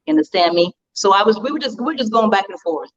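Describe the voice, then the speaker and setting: A woman guest in an interview, telling stories in an animated, emphatic way with frequent rhetorical asides. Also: mid-range voice, fast. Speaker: public relations professional, interview guest. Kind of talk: casual storytelling in an interview. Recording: dull lo-fi sound.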